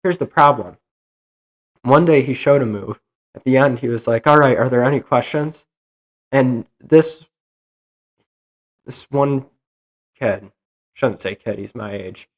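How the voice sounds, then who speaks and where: A young man hosting a solo podcast, ranting in an exasperated, animated way. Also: mid-range voice, unhurried, long pauses. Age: young adult. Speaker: podcast host.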